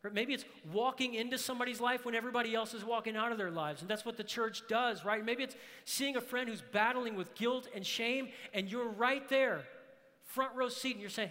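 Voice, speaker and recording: A man preaching a sermon as pastor, emphatic, rising to shouts on key phrases. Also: very high voice, a little fast. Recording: long hall reverb.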